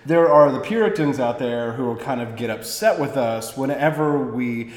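A man hosting a casual political talk show, chatting in an animated, rambling, jokey way. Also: medium pitch, normal speed, echoey room, long reverb tail. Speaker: host.

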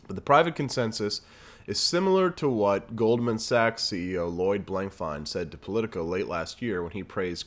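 A man hosting a political podcast, ranting in a fired-up way and reading news aloud with his own asides. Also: fairly low pitch. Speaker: podcast host. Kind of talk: political commentary monologue.

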